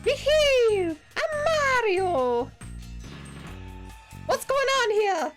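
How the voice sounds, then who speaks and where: Woman doing Mario: squeaky, hyper, loud, goofy game-hero impression. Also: big pitch swings, very slow, music in the background, full character voice. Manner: squeaky, exaggerated, cracking impression. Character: cheery cartoonish Mario, a small excitable plumber man.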